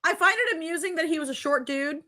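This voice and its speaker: A woman's voice: extremely high pitch, lively intonation, fast, pushed and bright, dry recording, clean studio sound. A woman co-hosting a casual true-crime chat podcast, giggly and bantering. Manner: giggly, bantering, trades jokes. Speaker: podcast co-host.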